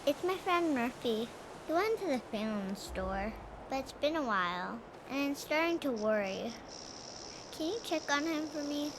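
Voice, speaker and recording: A woman voicing a worried little girl in a video game, with a soft, childlike, pleading voice. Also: high voice, big pitch swings, normal speed. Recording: noisy game audio.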